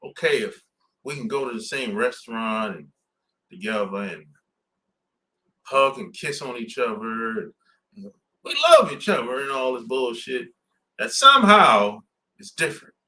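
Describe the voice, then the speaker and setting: Brief: man, podcast host, bright lively voice, blunt slangy talk with frequent laughs. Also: mid-range voice, moderate pace, long pauses. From southern United States. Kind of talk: casual podcast chat.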